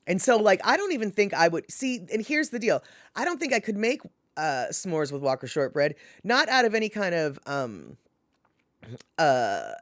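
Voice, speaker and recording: A casual, talkative woman hosting a live stream and answering her chat. Her pitch swoops up and down as she rambles and laughs. The sound is dry, with no room echo. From Washington state. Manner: animated, chatty, laughs often, lots of fillers. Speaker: livestream host reading chat.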